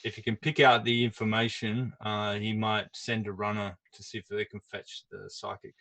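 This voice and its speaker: A man's voice: fairly low pitch, little pitch movement, moderate pace, sharp tone. A man playing in a tabletop game, joking and wry. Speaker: player.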